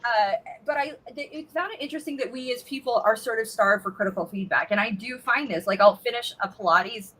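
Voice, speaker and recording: A woman life coach chatting casually, an animated storyteller who acts out the quotes she tells. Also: a little high, brisk, hardly any pauses, slightly rough, low-quality recording. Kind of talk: casual chat.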